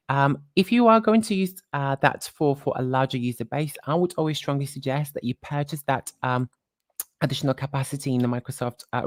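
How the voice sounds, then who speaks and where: A woman presenting a live software tutorial, talking while she clicks through screens and quickly corrects her own slips. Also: low voice, dry recording, clean studio sound.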